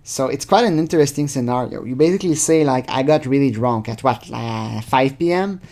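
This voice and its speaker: A man's voice: medium pitch, expressive, fairly quick, creaky, a little mellow. A man hosting his channel, giving rambling, sarcastic casual commentary full of fillers. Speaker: channel host. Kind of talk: casual commentary reading chat logs.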